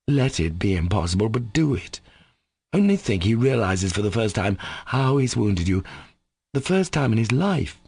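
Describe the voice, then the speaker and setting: A man reading as an earnest young man, pressing hard, with gravelly fry and a husky grain. Low-set voice, delivered close and dry in an audiobook. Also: sing-song, normal speed, a little mellow, no room sound, exaggerated voice. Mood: insistent. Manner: emphatic, urgent. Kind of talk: audiobook character voice.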